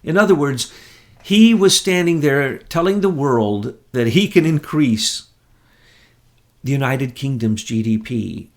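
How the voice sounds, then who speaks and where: A man's voice: mid-range voice, creaky. An American man in casual political chat, scornful and mocking as he talks. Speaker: political commentator.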